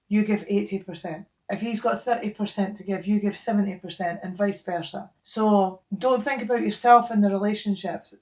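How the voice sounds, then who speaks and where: A woman's voice: medium pitch, darkish tone. A middle-aged Scottish woman talking in an interview, blunt and bawdy, laughing at her own jokes. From Scotland. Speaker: guest. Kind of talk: candid interview talk.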